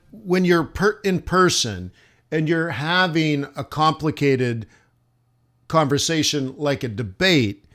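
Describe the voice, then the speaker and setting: A man's voice: fairly high pitch, a bit bright. A man chatting casually while running a live trading stream, rambling with many fillers and restarts. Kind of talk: casual livestream chat. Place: southern United States.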